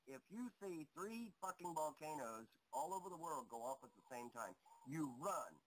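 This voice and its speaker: A hoarse man on a talk show, speaking bluntly and emphatically, swearing, repeating himself and pressing his points. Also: a little high, big pitch swings, moderate pace, hardly any pauses, low-quality recording. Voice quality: coughing. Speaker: guest. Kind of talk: internet radio talk.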